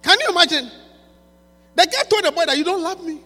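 A man, preaching a sermon by retelling a story, going from quiet asides to shouting. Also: extremely high pitch, expressive, brisk. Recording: reverberant hall with mains hum.

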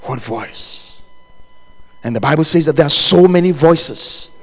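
A man preaching with a lively, swooping delivery in a slightly high register. He drops to near murmurs, then climbs to shouts, and breaks into laughter and jokes with his listeners. His voice rings out in a hall with a long reverb tail. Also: measured pace. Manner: animated, rising to shouts and dropping low. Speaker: pastor. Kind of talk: sermon.

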